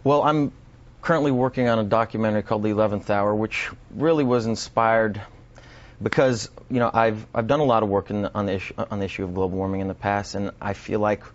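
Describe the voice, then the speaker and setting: Low-voiced male actor, halting and thoughtful. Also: steady tone, muffled recording. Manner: thoughtful, repeats words when starting sentences. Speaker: actor guest. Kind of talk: broadcast interview.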